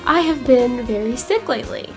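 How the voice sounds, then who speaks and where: A woman's voice: fairly high pitch, animated, moderate pace, creaky, soft background music. A young woman hosting a podcast, a little congested, chatting in a rambling, upbeat way. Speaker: podcast host. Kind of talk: casual chat.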